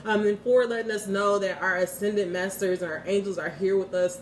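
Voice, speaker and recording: A woman in her thirties giving a casual spiritual card reading and prayer, candid and quick to swear and laugh. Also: mid-range voice, a little hiss or hum. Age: 30s. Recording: echoey room, heard from a distance.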